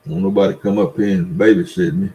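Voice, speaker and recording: An older man with a Southern US accent hosts a casual livestream, rambling through folksy stories, reading viewer comments and chatting with his audience. His low, warm voice moves fast with a steady tone, and the recording quality is poor.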